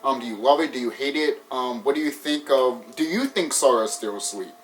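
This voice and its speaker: A man's voice: medium pitch, expressive, brisk, a little hiss or hum, poor audio. A man wrapping up a gaming video, rambling casually with hesitations, fillers and restarts. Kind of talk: casual video outro talk.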